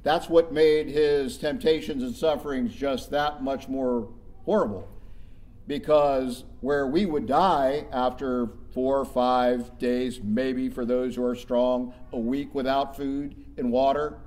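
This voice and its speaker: A man's voice: medium pitch, fairly even intonation, slow, a little mellow. A middle-aged male pastor delivering a sermon in a church, emphatic and conversational, with rhetorical questions.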